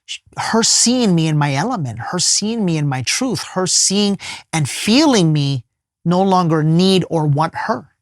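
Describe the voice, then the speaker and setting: Appearing as a guest on a podcast, a male life coach tells a personal story earnestly and emphatically, occasionally sinking into a soft hush. His high, expressive voice moves at an unhurried pace and is full of fillers and restarts. The recording is studio quality with no echo.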